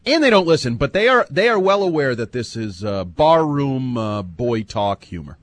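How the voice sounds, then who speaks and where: A man co-hosting a sports talk show as the football analyst, wisecracking and firing back quick comebacks. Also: mid-range voice, big pitch swings. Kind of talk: casual sports chat.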